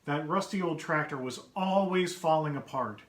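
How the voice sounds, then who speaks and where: A man reading his own picture book aloud to children, chatty and gentle, pausing to point out pictures and ask questions. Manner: puts on brighter higher voices for characters' quoted lines. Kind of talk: read-aloud story time for children.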